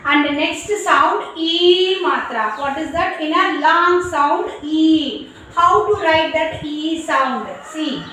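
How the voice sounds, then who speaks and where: A high-voiced woman teacher sounds out syllables very slowly, one by one, and explains each step in plain, halting English. She is recorded in a strongly echoing room, with a faint hum of noise behind her. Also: bright, forceful tone. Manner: slow, syllable-by-syllable dictation with non-native English phrasing. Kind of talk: classroom lesson on Hindi vowel signs.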